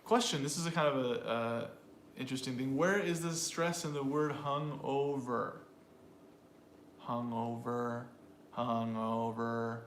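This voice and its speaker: A man co-hosting an English pronunciation lesson, repeating example phrases slowly and explaining word stress in a relaxed way. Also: fairly high pitch. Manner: slow, drawn-out repetition of example phrases. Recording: roomy with faint noise.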